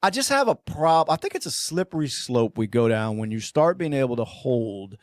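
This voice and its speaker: A man's voice: mid-range voice, sing-song, moderate pace, no room sound. Rambling, profane man in casual talk. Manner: rambling, profane, trails off quietly at phrase ends. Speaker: podcast co-host. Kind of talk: casual chat.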